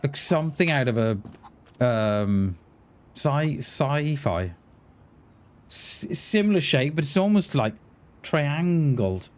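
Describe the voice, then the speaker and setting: A man's voice: on the high side, big pitch swings, takes it slowly, long pauses. A man streaming a survival game, chatting casually with his viewers in a rambling way, often restarting his words. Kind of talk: casual livestream chat while gaming.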